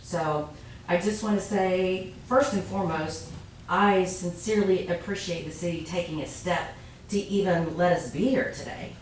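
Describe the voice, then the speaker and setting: A woman's voice: on the low side, normal speed. A woman giving a heartfelt public comment at a city council meeting. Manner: earnest, heartfelt. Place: council chamber. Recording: echoey chamber, far from mic, faint noise.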